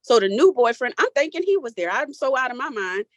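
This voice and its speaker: A woman in her forties, a guest, shares her personal story as testimony in a group talk, speaking candidly and casually with a Southern tinge. Her high voice swings widely in pitch and moves fairly quickly, cracking with emotion as she holds back tears. The recording is dry.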